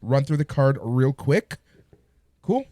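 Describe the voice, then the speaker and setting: Lively man co-hosting a podcast. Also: medium pitch, slow pace, a crowd in the background. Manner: lively, joking, moves the show along. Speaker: wrestling podcast co-host. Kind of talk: casual chat.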